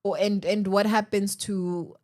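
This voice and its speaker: A woman hosting a radio talk show, speaking in an animated, emphatic way and firing off rhetorical questions from the studio. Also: medium pitch, unhurried.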